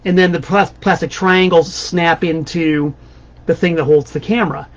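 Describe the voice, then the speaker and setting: A man's voice: on the high side, fairly even intonation, normal speed. A man guest-hosting a band's live stream from his home desk, talking in a playful, mock-grandiose, rambling way. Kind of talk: casual comic monologue. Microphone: webcam on his desk. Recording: dull lo-fi webcam stream.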